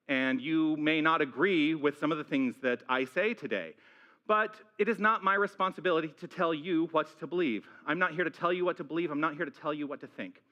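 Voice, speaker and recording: A male senior minister with an American accent, giving an excited, high-energy welcome to his congregation, a little out of breath. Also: dull audio. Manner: enthusiastic, high-energy, exclaiming. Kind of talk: energetic church welcome and opening talk. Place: church sanctuary with a congregation.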